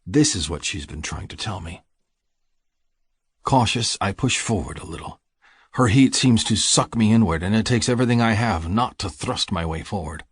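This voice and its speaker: A man narrating an audiobook in the first person, reading in a low, intimate, measured way. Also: expressive, husky, no echo.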